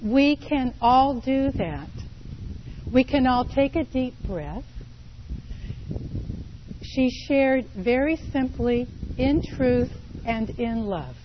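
A woman preaching a sermon, telling stories slowly and deliberately with pauses. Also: high-pitched, animated, muffled recording, a little hiss or hum. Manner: slow, deliberate storytelling with pauses.

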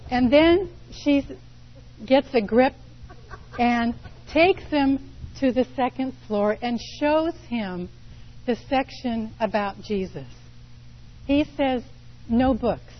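A woman preaching a sermon, telling stories slowly and deliberately with pauses. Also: fairly high pitch, lively intonation, lo-fi sound. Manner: slow, deliberate storytelling with pauses.

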